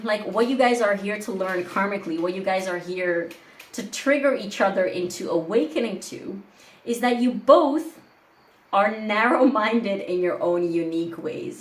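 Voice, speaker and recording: A woman's voice: mid-range voice, normal speed, reverberant. A woman giving a casual tarot reading to camera, chatty and rambling with lots of "like". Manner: chatty and rambling, heavy use of "like". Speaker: tarot reader. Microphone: camera mic.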